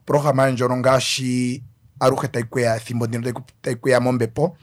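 A man's voice: medium pitch, level tone, fairly quick, dry recording. A man speaking as a guest pastor in a radio studio, preaching fervently to the listeners. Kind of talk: radio ministry broadcast.

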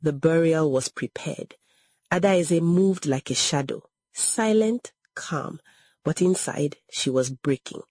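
A woman narrating a scripted story in a dramatic, measured way. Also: low voice, a little mellow, breathy edge, dry recording, studio quality.

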